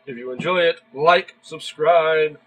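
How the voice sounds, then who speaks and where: A man's voice: a little high, a little slow, a bit bright, slightly rough, low-quality recording. A man giving earnest solo commentary in a video, explaining and growing emphatic when he disagrees. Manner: earnest, gets worked up and emphatic. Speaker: YouTube commentator.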